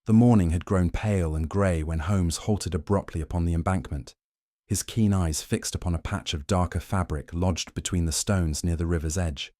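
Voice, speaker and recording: A man giving formal, measured scripted narration of a period mystery. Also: low-pitched, mellow, dry recording, clean studio sound.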